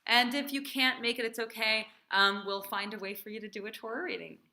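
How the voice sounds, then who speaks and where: A woman's voice: on the high side, fairly quick, bright, forceful tone. A female cantor teaching a class, quizzing and encouraging her students in a chatty way.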